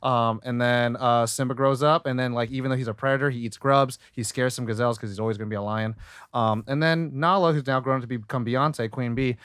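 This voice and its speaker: A man co-hosting a podcast, casually recapping a film in a rambling, slangy way with quick character impressions. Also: mid-range voice, fairly even intonation, fairly bright tone, smooth, no echo, clean studio sound. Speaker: podcast co-host.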